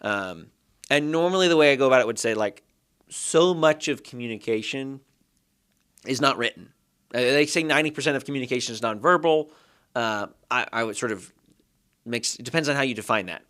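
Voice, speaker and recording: A man's voice: medium pitch, animated, normal speed, a bit bright, clear, resonant tone. A man with a mid-range voice speaks as a podcast guest who teaches Hebrew. He explains carefully, laying out one point after another in an easy conversational way. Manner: thoughtful, building points step by step. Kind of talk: explanatory interview talk.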